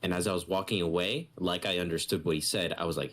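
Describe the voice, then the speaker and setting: Young male co-host, low voice, loose and profane storyteller. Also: fast talker. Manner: animated storyteller, swears freely, mimics others. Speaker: podcast co-host. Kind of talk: casual podcast chat.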